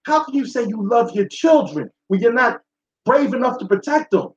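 A man's voice: extremely high pitch, expressive, moderate pace. A man hosting a talk show, delivering a blunt, profane, preachy monologue to his listeners. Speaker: show host. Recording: echoey room, dull sound.

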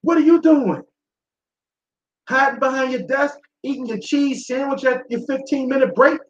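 The host's voice is very high and his pace moderate as he preaches to his audience, blunt and full of profanity. Dull sound and room echo mark the recording.

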